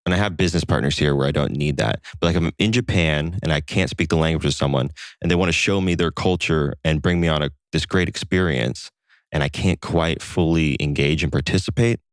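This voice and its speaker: A man with an extremely low, deep voice chats as a podcast guest. He talks in a relaxed way, full of fillers and asides. The sound is dry and close. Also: fairly quick, dry recording. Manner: relaxed storyteller with frequent fillers. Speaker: podcast guest, co-founder of a satire site. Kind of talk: casual conversation.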